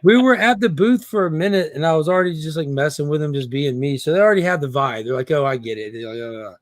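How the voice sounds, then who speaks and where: A man chats on a livestream and tells a con story with lively energy, slipping into voices for the people he quotes. His voice sits a little high for a man. The sound is close and dry, with no room around it. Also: fast, dry recording. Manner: animated, acts out quotes, haggling banter. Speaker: comic collector guest. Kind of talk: casual storytelling chat.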